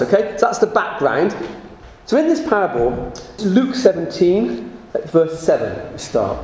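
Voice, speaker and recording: A man's voice: sits high, a little mellow. Man preaching in a very echoey room. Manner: conversational teaching with rhetorical questions. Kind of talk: sermon. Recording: very echoey room with faint noise.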